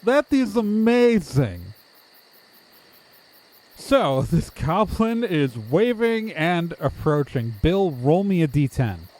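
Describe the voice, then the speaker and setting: A man's voice: on the high side, animated, slow, hardly any pauses, darkish tone, rough recording. A man running a tabletop role-playing game as game master, narrating and slipping into a playful sing-song townsperson voice.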